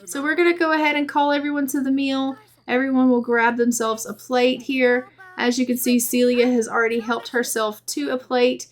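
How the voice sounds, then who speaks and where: A woman giving casual, chatty let's-play commentary, giggling and voicing her characters' thoughts in quick asides. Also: high voice, flat delivery. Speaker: gameplay narrator.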